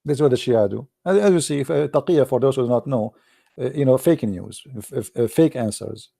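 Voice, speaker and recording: A middle-aged man whose first language is not English hosts a casual commentary show in a small room at home. His voice is dark and gravelly, close to a desk mic in a dry space. He talks sarcastically and keeps circling back to "my friend.". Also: mid-range voice, lively intonation, a little fast, dry recording. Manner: sarcastic, repeats words, says "my friend". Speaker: online show host.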